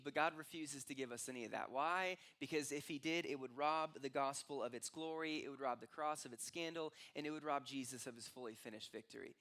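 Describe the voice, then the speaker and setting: A young man preaching a sermon as pastor, telling stories and acting out voices. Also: on the high side. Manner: storytelling, acts out voices with rising excitement.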